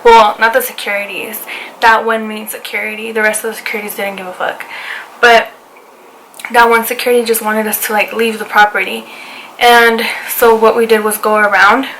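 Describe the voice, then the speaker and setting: A young woman in her twenties tells a story on her vlog, talking casually and swearing a lot as she acts out each exchange. Her voice sits rather high but keeps a fairly even, flat melody. A faint hiss runs under the recording. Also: moderate pace, poor audio. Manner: animated retelling, swearing, lots of "I was like". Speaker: vlogger.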